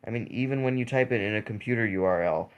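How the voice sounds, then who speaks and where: A man's voice: on the low side, fast, clear, resonant tone, lo-fi sound. A young man hosting a mobile gaming channel, rambling in casual gameplay commentary with lots of fillers and restarts.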